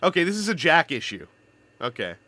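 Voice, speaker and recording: A man's voice: on the high side, big pitch swings, a little fast, bright, forceful tone, no room sound. A man from Canada chatting casually on a live stream, telling rambling stories with playful wordplay.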